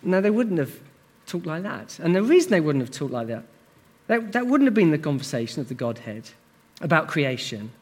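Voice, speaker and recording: A male preacher delivering a sermon in a warm, conversational style, turning to his listeners with questions. His voice is high for a man and rises and falls a great deal. He keeps it animated throughout. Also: normal speed.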